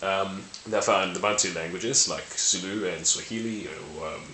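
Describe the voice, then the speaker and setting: This host of a language video has a low voice, a moderate pace, and a bright, forceful tone. He explains language ideas to camera in a relaxed, playful manner, frequently self-correcting and laughing at his slips. It's recorded on a camera mic, roomy with faint hiss.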